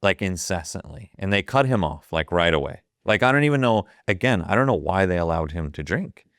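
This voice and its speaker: A man in his fifties from Ohio, telling a wild story as a podcast guest. His low voice is smooth and resonant, and he swears freely while acting out each line of dialogue. The recording is close and dry. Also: animated, fairly quick, a bit bright, no echo. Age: 50s. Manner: profane, vivid retelling that acts out the quoted dialogue. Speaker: guest, photographer. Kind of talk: casual storytelling.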